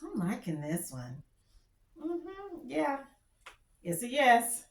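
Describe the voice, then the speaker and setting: A woman's voice: a little high, huge pitch swings, takes it slowly, creaky, reverberant. A woman with a country Texas drawl chatting candidly as she reviews fragrances, often restarting her sentences. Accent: Texan. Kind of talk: casual product review chat.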